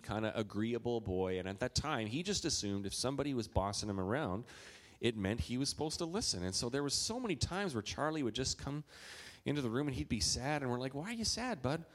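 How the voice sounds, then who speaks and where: A man's voice: medium pitch, lively intonation, fairly quick. A man in his thirties from Minnesota, a pastor preaching a sermon in a chatty, storytelling way with playful asides.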